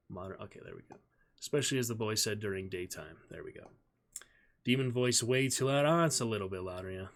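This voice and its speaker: A man's voice: low voice, vocal fry, a bit bright. Friendly male streamer reading aloud. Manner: friendly, chatty with viewers between reading passages. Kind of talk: live-stream chat and book reading.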